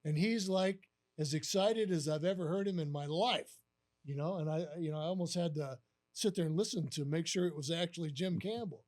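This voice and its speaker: A man's voice: a little high, fairly quick. A man in his sixties, a guest on a live podcast, telling a long story and acting out the other voices with lots of "you know" and "uh". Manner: animated storyteller who acts out quoted voices with many fillers. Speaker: guest, former baseball catcher.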